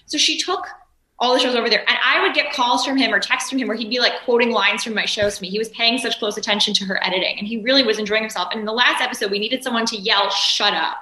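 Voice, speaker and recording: A woman guest in casual interview chat, telling animated stories and acting out quotes. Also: a little high, quick pace, roomy sound, low-quality recording. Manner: animated storytelling, acts out quotes. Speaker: guest, producer of a remote show.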